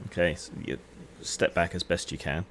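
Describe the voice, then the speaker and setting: Male game master, low voice, unhurried scene-setting narration. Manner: relaxed, descriptive, hedging with "sort of". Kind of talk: narrating a tabletop game online.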